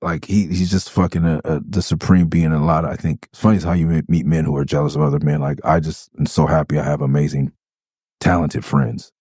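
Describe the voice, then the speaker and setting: Casting note: middle-aged man, low and mellow, rambling storyteller who keeps dropping into goofy voices, dry close sound. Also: little pitch movement, fairly quick, husky, no echo. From Los Angeles. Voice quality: calls his own voice high pitched. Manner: rambling, laughs, breaks into funny character voices. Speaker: rapper breaking down his own song. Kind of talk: casual storytelling commentary.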